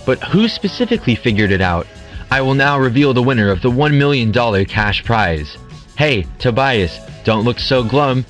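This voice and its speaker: Smug teasing game show host guy who's really ice cream, comedy audio play, plain mid pitch. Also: very animated, moderate pace, fairly bright tone, faint music behind. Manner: teasing, playful.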